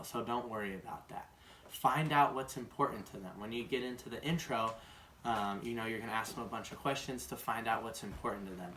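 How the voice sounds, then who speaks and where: A man's voice: mid-range voice, a bit bright, slight background noise. Man coaching casually, ending lines with "right?". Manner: conversational, tags sentences with "right?". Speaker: solar sales trainer. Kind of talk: casual instructional talk. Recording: roomy echo, distant mic, faint ambience.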